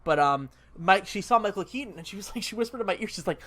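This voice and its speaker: A young man co-hosting a podcast, excitable and laughing often, talking in a casual, slangy way. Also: high voice, quick pace. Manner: excitable, laughing, lots of "dude" and "like". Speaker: podcast co-host. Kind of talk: casual chat.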